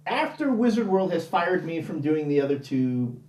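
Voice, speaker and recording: A man's voice: on the high side, moderate pace. A man telling a long anecdote as an interview guest, acting out the other people's lines in quoted voices and rambling with restarts. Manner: animated, acts out dialogue in quoted voices; rambling with frequent restarts and fillers. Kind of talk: casual anecdote storytelling. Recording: roomy sound from a distant mic.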